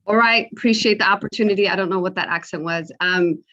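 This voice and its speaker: A woman's voice: mid-range voice, fast talker, bright, forceful tone. A woman running for county council speaks without a script, earnest and a little playful. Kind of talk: unscripted campaign speech. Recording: muffled lo-fi audio.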